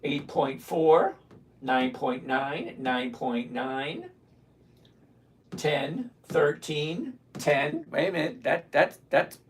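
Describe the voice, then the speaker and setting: A man's voice: fairly high pitch, animated, very slow, husky. A man in his sixties hosting a casual live stream, blunt and ranting, greeting viewers by name. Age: 60s. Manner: blunt, ranting, self-mocking.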